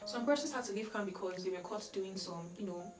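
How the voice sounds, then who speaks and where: A young woman with a Nigerian accent tells a casual vlog story in a chatty, animated way, dropping Nigerian slang as she goes. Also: medium pitch, brisk, over music. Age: young adult. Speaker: vlogger. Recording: echoey room, mic at a distance.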